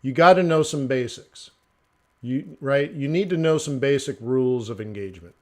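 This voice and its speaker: A man hosting a casual forex trading live stream, talking through charts in a joking, animated way. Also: medium pitch, normal speed. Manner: chatty, joking, animated asides with mock voices.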